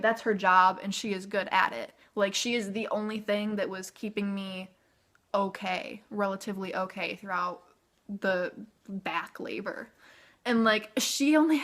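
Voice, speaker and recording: A woman in her twenties telling a personal story to camera in a chatty, casual way, full of "like". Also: medium pitch. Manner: chatty, filler-heavy "like", animated retelling. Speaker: vlogger.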